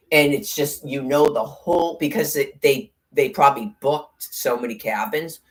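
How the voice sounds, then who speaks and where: A woman's voice: rumbling low, normal speed, few pauses. A middle-aged woman in casual chat, rambling, blunt and profane, with sarcastic asides. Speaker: podcast host.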